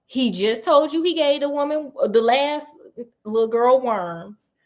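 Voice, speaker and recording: A woman's voice: sits high, lively intonation, a little slow. A woman casually retelling a children's story, chatty with sassy asides and frequent laughs. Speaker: storyteller host.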